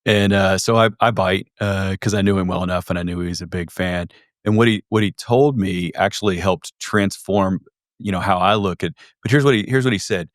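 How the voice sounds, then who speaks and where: A male podcast host with a very low voice tells anecdotes in a measured, reflective way. He speaks as a sales trainer in relaxed conversation. The sound is close and dry. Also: no echo.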